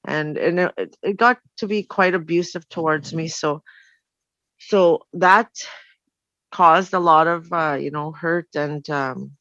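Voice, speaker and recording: A woman's voice: sits low, unhurried, a bit bright, no echo. A middle-aged woman, frankly telling her life story in rambling speech full of "you know" fillers. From Canada. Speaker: storyteller guest. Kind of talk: personal storytelling. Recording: dull, dry lo-fi recording.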